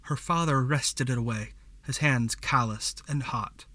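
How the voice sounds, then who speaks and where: A man narrating a fantasy story as a scripted audiobook reading, in a measured storytelling manner. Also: mid-range voice, sharp tone, dry recording.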